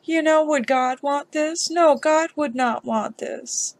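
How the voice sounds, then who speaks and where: A woman vlogger giving emotional commentary on a news story, upset and halting, with sighs. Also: high-pitched.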